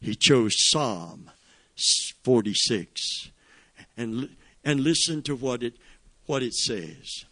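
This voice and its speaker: A middle-aged man preaching a sermon, reading scripture with drawn-out emphasis and rising fervor. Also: mid-range voice, animated, fairly bright tone. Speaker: pastor.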